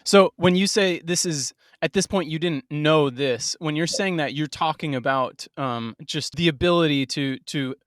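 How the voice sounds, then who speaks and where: Higher-voiced male host, dry sound. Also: no echo. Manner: halting, rephrasing questions. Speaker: podcast host. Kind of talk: casual interview questions.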